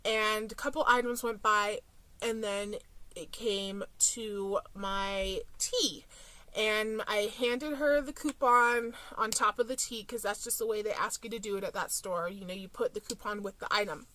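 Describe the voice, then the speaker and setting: A woman's voice: medium pitch, measured pace, pushed and bright, no echo. A young woman vlogging about couponing, telling a story in a chatty, casual way with frequent fillers.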